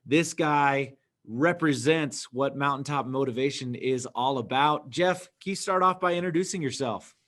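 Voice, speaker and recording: A man's voice: mid-range voice, normal speed, few pauses, fairly bright tone. A man hosting an interview podcast, upbeat and enthusiastic as he welcomes and questions his guest. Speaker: podcast host.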